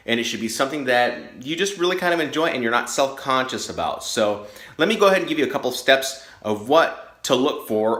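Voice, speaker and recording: A man's voice: mid-range voice, pushed and bright. A man who is a radio broadcaster and podcaster, opening his video with an upbeat, chatty greeting and introducing the topic. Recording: echoey room.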